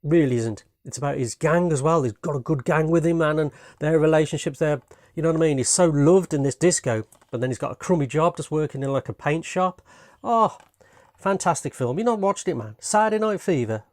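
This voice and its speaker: A man's voice: a little high, a little fast, darkish tone, no echo. A man from Britain casually reviewing his latest home movie watches, rambling and enthusiastic, peppering his talk with "man" and "you know what I mean".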